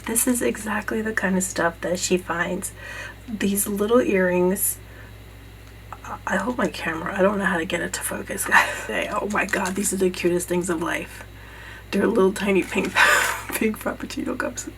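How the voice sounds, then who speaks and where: A woman vlogger gushing over gifts in a casual unboxing video, bursting with excitement and often dropping to a hushed voice. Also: medium pitch, normal speed, gravelly, noisy background. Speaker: beauty vlogger. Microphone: camera mic.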